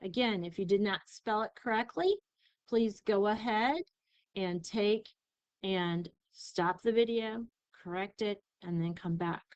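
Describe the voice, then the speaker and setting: A woman teacher giving a recorded spelling lesson, sounding out syllables slowly and carefully. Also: mid-range voice, clear, resonant tone, no echo, dull audio. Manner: slow, careful enunciation of syllables.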